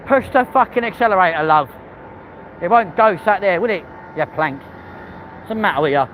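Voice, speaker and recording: A man's voice: high-pitched, animated, normal speed, pauses often, narrow, tinny audio, background noise. A man with a London accent, live-streaming as he walks city streets and chatting cheekily with viewers, swearing freely. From England. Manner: cheeky, sweary, chats to the live chat while walking.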